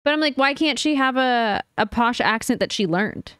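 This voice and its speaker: A woman's voice: fairly high pitch, lively intonation, moderate pace, fairly bright tone, clean tone, dry recording, clean studio sound. A young adult woman co-hosting a podcast in casual chat, opinionated and emphatic, sometimes swearing. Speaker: podcast co-host.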